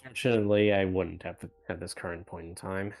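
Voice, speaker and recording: A man playing a tabletop role-playing game, quiet and laid-back. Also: low voice, fairly even intonation, brisk, soft background music. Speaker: player. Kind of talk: casual tabletop role-play.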